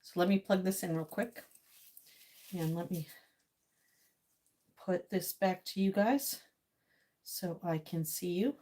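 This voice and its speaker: A woman's voice: lowish voice, slow pace, pauses often, dark tone. A woman vlogging casually to her viewers from her home kitchen and yard, chatting and talking to herself as she goes. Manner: chatty, talks to herself while cooking.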